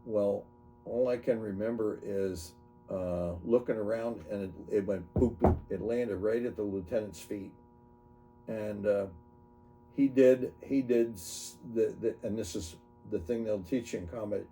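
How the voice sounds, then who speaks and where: A man in his seventies, an army veteran, recounting his memories in an oral history interview, halting and correcting himself as he goes. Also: lowish voice, steady tone, dark tone, faint music behind. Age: 70s. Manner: halting, self-correcting storytelling.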